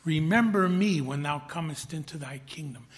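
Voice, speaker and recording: A man preaching a sermon, reading scripture aloud, rising to loud emphatic peaks and dropping to soft hushed whispers. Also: fairly high pitch. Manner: slow, swells loud then drops to a hushed whisper. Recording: long hall reverb.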